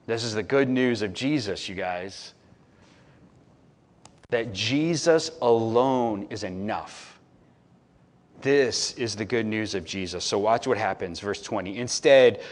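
A man delivering a sermon in a relaxed, chatty way, as if talking with the congregation rather than at it. He swings between quiet, intimate asides and loud, emphatic declarations. His voice sits at an average pitch for a man. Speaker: pastor.

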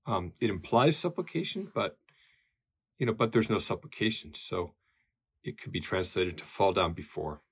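A man's voice: sits low, sing-song, moderate pace, husky. A man teaching a Bible study lesson in a conversational way, with many fillers and tag questions.

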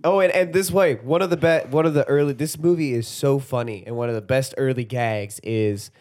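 A man's voice: medium pitch, brisk. A man co-hosting a podcast, chatting casually and animatedly while recapping a comedy film, often acting out lines. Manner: animated, laughing, acts out quotes. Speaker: podcast co-host.

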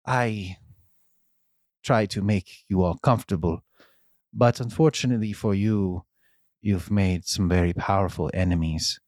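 A man voicing a menacing, smooth-talking jailer who speaks softly and slowly. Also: deep voice, no room sound, studio quality. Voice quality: soft, slow, threatening.

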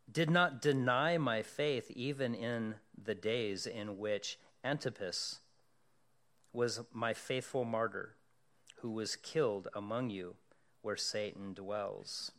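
Speaking slowly in a medium-pitched voice, a male pastor delivers a sermon, relating a story with animation and asking the congregation questions.

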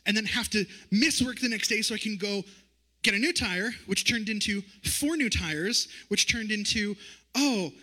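A man in his thirties gives a personal testimony in the manner of a sermon, telling his story vividly and acting out the dialogue. His voice sits high for a man and sounds very bright and forward. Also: normal speed. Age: 30s. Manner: animated storytelling, acts out quoted dialogue.

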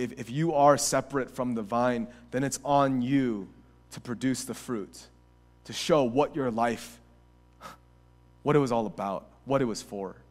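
A male pastor preaching a sermon. He moves between quiet reflection and impassioned, near-shouted passages, often repeating and restarting phrases. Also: mid-range voice.

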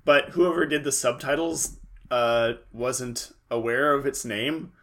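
A man's voice: medium pitch, takes it slowly, a bit bright. Dry, sarcastic young man on a podcast. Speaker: podcast co-host. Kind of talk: casual chat recapping a show.

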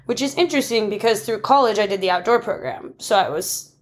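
A woman's voice: medium pitch, lively intonation, brisk. A young adult woman co-hosting a podcast, talking candidly and reflectively in casual conversation, often restarting and laughing. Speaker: podcast co-host.

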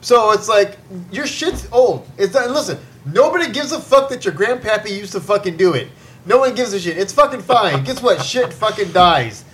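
A man's voice: high-pitched, animated, normal speed, fairly bright tone. A man hosting a podcast, ranting with heavy swearing and exasperation in casual chat. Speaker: podcast host.

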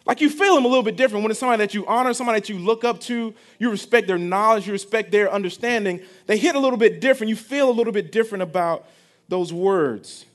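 A man's voice: sits high, fast talker. A young adult man, preaching a sermon in a conversational style, repeating phrases and asking the congregation questions. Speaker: pastor.

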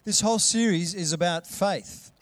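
A middle-aged preacher delivers his sermon with lively energy. His voice sits slightly high for a man, and he acts out voices, jumping into loud, calling cries before settling back to talk. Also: moderate pace, no echo. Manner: animated, acts out voices with big loud calls. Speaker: pastor.

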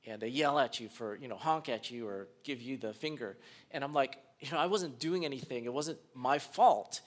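A pastor preaching a sermon, animated, dropping to a hush and then rising loud as he acts out rude strangers. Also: mid-range voice, moderate pace.

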